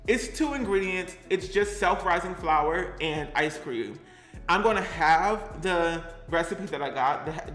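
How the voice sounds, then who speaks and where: Bantering with the camera and his kitchen items alike, a young cooking vlogger cooks with a sassy, playful, laid-back chattiness. His voice is fairly high and fairly bright, recorded with reverb.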